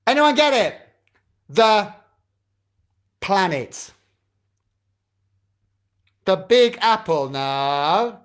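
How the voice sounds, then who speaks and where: A man's voice: high-pitched, very animated, very slow, pauses often, fairly bright tone. Chatty man leading drama club games. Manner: chatty, encouraging, fumbling with setup. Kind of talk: leading a charades game over video call. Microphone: video call.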